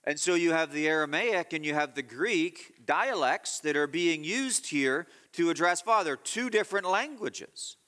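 Male pastor, bright, slightly high voice, sermon delivery with emphatic swings. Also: animated, measured pace, few pauses, in a large hall. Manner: teaching tone, swings from low explaining to loud emphatic scolding.

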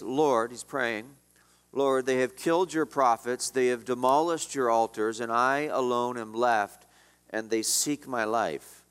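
A man preaching from the pulpit, his voice pitched a little high for a man. He drives points home through repetition and sinks quiet on the heavy lines. The sound carries a long reverberant tail from the hall. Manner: emphatic preaching with repetition and dropping volume on key lines. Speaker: pastor. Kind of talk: sermon.

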